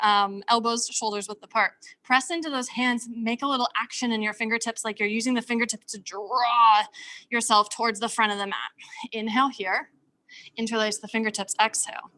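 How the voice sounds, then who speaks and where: A woman's slightly high voice leads a yoga class over a video call. She paces her cues to the breath, steady and calm. She sounds like a young adult instructor guiding students through each move. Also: moderate pace, low-quality recording. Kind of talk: live-cued yoga class.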